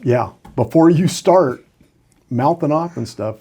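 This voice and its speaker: A man's voice: a little high, animated, takes it slowly, mellow, husky. A man in his sixties, a retired sheriff's lieutenant, telling candid stories in a casual podcast interview with frequent fillers.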